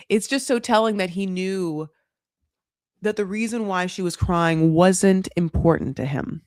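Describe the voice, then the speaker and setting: A woman's voice: mid-range voice, unhurried, long pauses, darkish tone, no echo, clean studio sound. A woman hosting a casual reality TV recap, chatty and frank, swearing freely and putting on dramatic voices when she quotes people. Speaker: recap show host.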